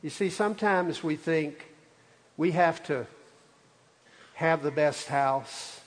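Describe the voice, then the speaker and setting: A man's voice: a little high, slow. A man, preaching a sermon as a pastor in a folksy, conversational storytelling way. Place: church sanctuary. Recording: reverberant church hall.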